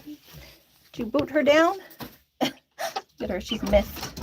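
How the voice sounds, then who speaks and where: A woman's voice: high voice, expressive, takes it slowly, long pauses, noisy background. A woman chatting casually and coaxing her chickens to drink by their coop outdoors, laughing often. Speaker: chicken keeper vlogger.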